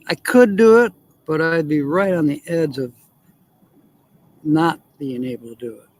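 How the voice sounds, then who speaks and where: A man's voice: on the high side, a little mellow, slight background noise. A man hosting a casual RV-life livestream, rambling and chuckling as he answers viewer comments. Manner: rambling, chuckling often, thinking aloud. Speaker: RV livestream host.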